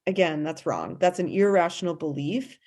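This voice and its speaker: Low-voiced woman, emphatic podcast host. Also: animated, darkish tone. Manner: emphatic, talks in quick bursts with restarts. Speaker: podcast host and nutrition practitioner. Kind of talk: casual podcast chat.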